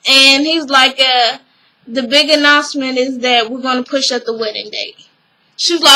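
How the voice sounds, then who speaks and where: Animated woman recapping a show. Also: high-pitched, normal speed, poor audio. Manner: animated, acts out characters' lines, laughs often. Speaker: vlogger recapping a TV episode. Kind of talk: casual recap chat.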